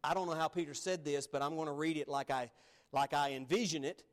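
A male pastor preaching a sermon in an animated, emphatic way, acting out the scripture he reads. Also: a little high, fairly quick.

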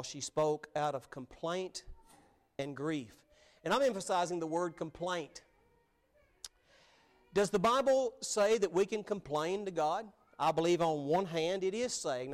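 A man preaching a sermon in an earnest way, building to emphatic peaks as he urges his listeners. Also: sits high. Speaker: pastor.

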